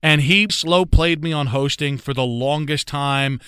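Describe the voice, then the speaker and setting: A male sports radio host as an interview guest, telling quick, animated stories in casual chat. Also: fairly high pitch, clean tone, no echo, clean studio sound.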